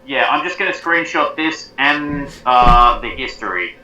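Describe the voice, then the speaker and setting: A man's voice: mid-range voice, lively intonation, a little slow, pushed and bright, soft background music. A man playing a tabletop game, chatting in a wry, lecturing way. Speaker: player. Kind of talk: casual tabletop game chat. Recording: echoey room, dull lo-fi sound.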